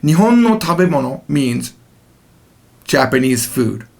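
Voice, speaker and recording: A man teaching a video language lesson, explaining in a chatty, animated way. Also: mid-range voice, unhurried, gravelly.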